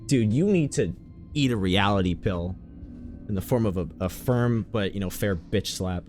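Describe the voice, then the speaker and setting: A man's voice: on the low side, expressive, normal speed, a little mellow, faint music behind. A man streaming a horror game with casual, sarcastic commentary, joking and swearing freely.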